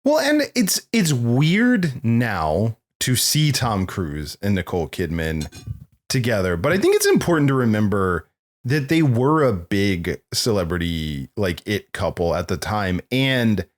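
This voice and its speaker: Male co-host, lively swooping delivery, lowish voice, rambling chatty storyteller who laughs a lot. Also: a little slow. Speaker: podcast co-host. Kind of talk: casual chat about films.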